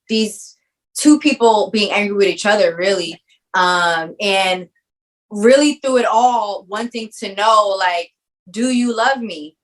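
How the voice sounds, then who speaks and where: A woman's voice: medium pitch, poor audio. A woman filmmaker answering interview questions in a thoughtful way, often restarting her phrases as she searches for words. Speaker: film writer-director, guest.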